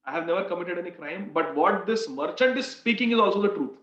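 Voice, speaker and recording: A humble devotee speaks with calm, earnest sincerity, as a preacher voices him. The voice sits fairly high and plain. The recording is roomy and a touch dull. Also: male voice, fast talker, far from the mic. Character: calm, sincere male devotee, former thief.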